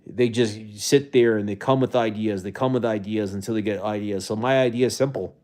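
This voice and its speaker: A man's voice: lowish voice, steady tone, brisk, a little mellow. A man live-streaming from a rental home, talking casually to his viewers in a rambling way, often restarting his sentences, and at times getting emotional. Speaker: livestreamer.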